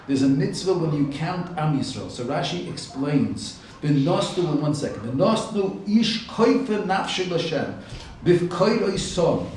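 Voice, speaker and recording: A man's voice: a little high, sing-song, measured pace, a little mellow, slight background noise. Man lecturing in a very echoey room. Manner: explains each Hebrew term in English, repeats phrases; rises to emphatic peaks on key points. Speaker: yeshiva lecturer. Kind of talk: Torah lecture. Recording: very echoey room, distant mic.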